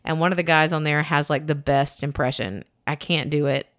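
A woman's voice: low-pitched, fairly even intonation, fairly quick, a bit bright, dry recording, clean studio sound. A woman in her thirties co-hosting a casual podcast, rambling and self-deprecating and laughing often. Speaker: podcast co-host. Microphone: studio podcast mic.

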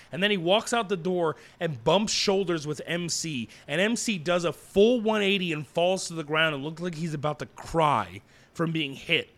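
A man co-hosting a podcast, recapping an anime episode in a rambling, jokey way with lots of fillers and quick put-on character quotes. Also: on the high side, expressive, a bit bright. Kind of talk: casual chat.

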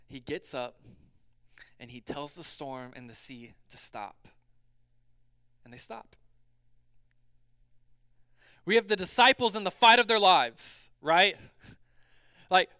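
A man preaching a sermon as pastor, swinging between loud urgency and quiet, hushed passages. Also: high voice, clear, resonant tone, dry recording.

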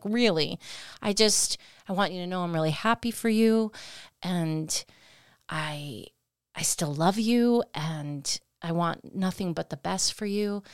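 A woman co-hosting a podcast, telling a personal story in a lively way and acting out her own past words. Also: medium pitch, smooth, no echo, studio quality. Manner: animated, acts out her own past lines. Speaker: podcast co-host. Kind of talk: storytelling conversation.

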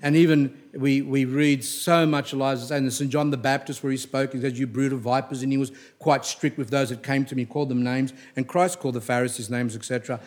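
Speaking fairly quickly with few pauses, a middle-aged man gives a meandering religious talk in a steady, mid-range voice. He leans on anecdotes, frequently restarts what he's saying, and turns blunt and emphatic whenever he scolds.

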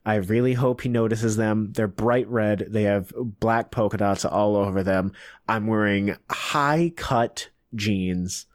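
A man's voice: lowish voice, slow pace, no echo, pitched below the performer's own voice. A man voicing the anxious inner monologue of a young mobster who hopes his shoes get noticed. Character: nervous young male mobster hoping to be noticed.

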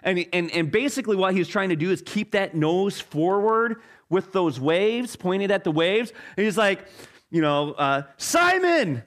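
A man preaching a sermon as pastor, telling an animated story with halting restarts. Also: high-pitched.

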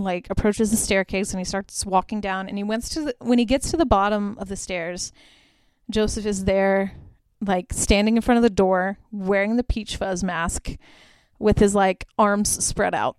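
A woman's voice: medium pitch, fairly even intonation, normal speed, clear, resonant tone, dry recording, studio quality. A young woman hosting a podcast, casually retelling a film plot with many filler words and quoted lines. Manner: chatty, lots of "like" fillers; quotes characters in her own voice. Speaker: podcast host.

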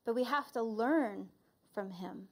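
A woman preaching in an earnest, reflective storytelling manner. Her voice sits a little high for a woman. She speaks as a church leader at the pulpit. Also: measured pace, a little mellow. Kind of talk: sermon.

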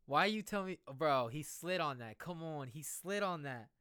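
A man reacting to a new song in a casual, excitable, slangy way, thinking out loud as he listens. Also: a little high, moderate pace, clean tone, no echo, clean studio sound. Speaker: music reaction vlogger. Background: music playing.

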